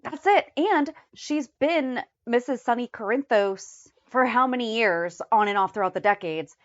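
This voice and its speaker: A woman's voice: a little high, expressive, unhurried, dry recording, highs cut off. A woman co-hosting a fan podcast, chatting casually and reading through a list of episode headlines. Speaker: podcast co-host. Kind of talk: casual recap chat.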